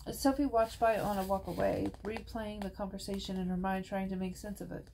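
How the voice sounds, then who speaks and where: A woman reading a novel aloud with a gravelly, creaky voice at a middle pitch. She tells the story in an unhurried, even way. A faint noise hangs under her reading. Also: low-quality recording. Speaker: audiobook reader.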